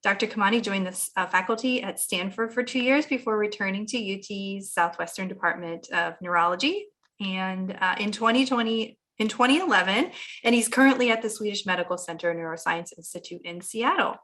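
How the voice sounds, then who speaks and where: A woman's voice: medium pitch, a little fast, fairly bright tone. Friendly webinar moderator woman. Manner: friendly, reads speaker introductions. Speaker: event moderator. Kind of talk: hosting a webinar.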